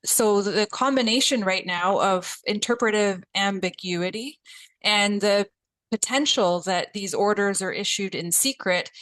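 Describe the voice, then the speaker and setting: A woman testifying as an expert witness at a committee hearing, speaking in a measured, precise way with occasional restarts. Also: medium pitch, fairly bright tone, no echo, rough recording.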